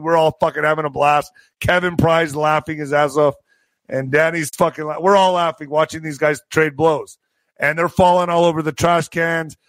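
A man telling a profane story to his video audience, animated and full of spoken sound effects. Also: a little high, no room sound, poor audio. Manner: slips into a Spanish-accented put-on for quoted locals. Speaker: vlogger and author telling stories. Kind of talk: casual storytelling to camera.

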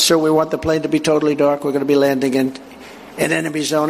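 Gravelly man telling a rambling story. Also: on the high side, steady tone, quick pace. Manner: boastful, digressive storyteller acting out quoted dialogue. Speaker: political speaker at a live event. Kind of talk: rambling anecdotal speech.

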